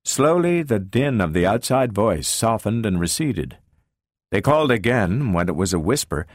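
A man narrating an audiobook with an expressive, varied storytelling delivery. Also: low voice, dry recording, studio quality.

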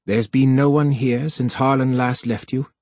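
A man reading aloud plays an older male senior official who is urgent and stern, clipped and low when he gives orders. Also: fairly even intonation, normal speed, a little mellow, dry recording, close to an everyday voice.

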